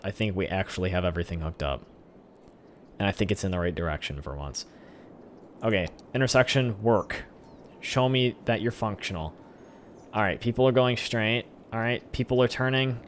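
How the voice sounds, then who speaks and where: A man's voice: lowish voice, slight background noise. A man giving casual gameplay commentary, rambling and talking back at the game. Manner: rambling, talks to the game, erupts in shouted cheers. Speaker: gaming channel host.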